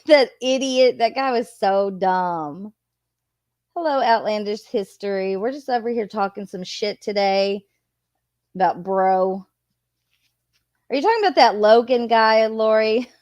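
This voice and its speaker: A woman's voice: fairly high pitch, no echo, highs cut off. Chatty laughing woman streamer. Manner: laughs often, profane and chatty. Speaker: streamer reviewing a video. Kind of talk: casual commentary.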